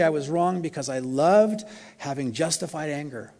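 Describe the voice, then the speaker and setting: A man's voice: fairly high pitch, normal speed, a little mellow. A man preaching as a guest in a church, telling an earnest, confessional story before leading a closing prayer. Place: church sanctuary. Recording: long hall reverb in a church.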